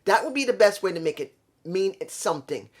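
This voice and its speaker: Wrestling reviewer, casual rant, frustrated, rambling, keeps asking why, swears, mid-pitched voice. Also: very animated, fairly quick. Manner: frustrated, repeats rhetorical questions, swears; rambling, corrects own slips.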